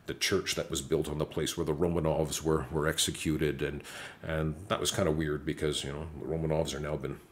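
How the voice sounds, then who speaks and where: A man's voice: extremely low pitch, little pitch movement, fairly quick. A man casually telling a travel story in an interview, acting out the dialogue as he goes. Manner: acts out quoted dialogue, many restarts.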